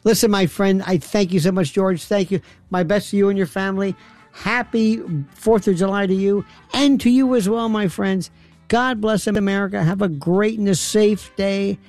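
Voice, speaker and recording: A male radio talk host with a high voice and a gravelly edge, running a late-night call-in show. He moves easily between callers and sign-offs in a folksy manner. Faint music plays behind him. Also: steady tone, moderate pace, a little mellow.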